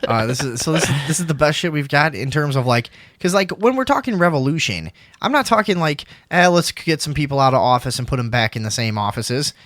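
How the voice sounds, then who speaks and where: Young dude co-hosting a late night talk show, rambly and cussing, dry close sound. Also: male voice, fairly high pitch, fairly quick, fairly bright tone, no room sound. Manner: rambling, emphatic, swears a lot. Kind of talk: casual profane debate.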